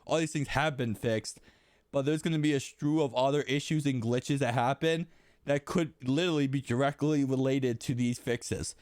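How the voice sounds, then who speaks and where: A man's voice: mid-range voice, moderate pace, a little mellow, no room sound, studio quality. Sick man hosting a tech vlog. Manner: rambling, repeats himself. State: sick, voice shot. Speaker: tech channel host.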